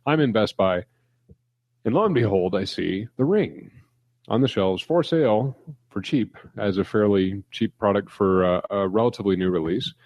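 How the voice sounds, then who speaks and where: A man with a fairly low voice, recorded dry and close with almost no room sound. He co-hosts a relaxed chat show and tells his anecdotes with animation, chuckling along at his own stories. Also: moderate pace, no echo. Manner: animated storyteller. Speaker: podcast co-host. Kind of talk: casual chat.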